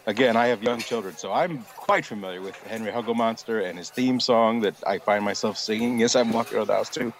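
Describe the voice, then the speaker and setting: A man's voice: on the low side, a little fast, hardly any pauses, a little hiss or hum. An American man co-hosting a podcast, chatting casually with a wry, easygoing manner. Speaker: podcast co-host. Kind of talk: casual chat.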